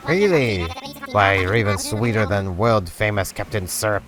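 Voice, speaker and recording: A man putting on a shipwrecked seagull pirate, all bluster and salty bravado, in a cartoonish game voice with a lowish tone. He leans hard into hammy pirate talk, every line a theatrical reading, with game music running behind. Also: normal speed, lightly acted. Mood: hearty.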